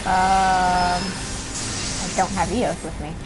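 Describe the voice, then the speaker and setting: A woman streamer giving excitable, swearing, laughing live commentary while she plays. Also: lowish voice, slow, rough recording. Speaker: game streamer. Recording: game music loud behind voice.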